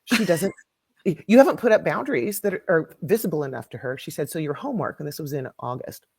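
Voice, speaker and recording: Fast-talking woman with a gravelly voice. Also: low voice, lively intonation, darkish tone. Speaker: guest, music educator. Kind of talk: casual podcast conversation.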